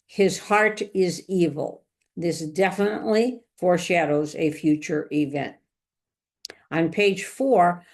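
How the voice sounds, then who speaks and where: Older woman, author type, lowish voice, careful deliberate delivery of a scripted writing lesson. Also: darkish tone. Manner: measured, deliberate, clears throat often. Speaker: author explaining her novel. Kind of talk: scripted talk on fiction writing.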